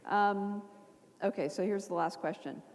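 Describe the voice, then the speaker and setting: A moderator running a live onstage interview in a brisk way, keeping the talk on track. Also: medium pitch. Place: large event hall with a live audience. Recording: reverberant hall with a loud audience and noise.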